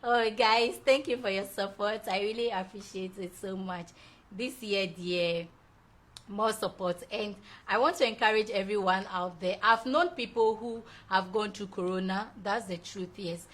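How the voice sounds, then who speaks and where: A woman's voice: medium pitch, a little slow, fairly bright tone. Chatty woman hosting a show. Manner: effusive, laughs often, chatty. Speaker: show host. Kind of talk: casual live-show chat reading viewer comments.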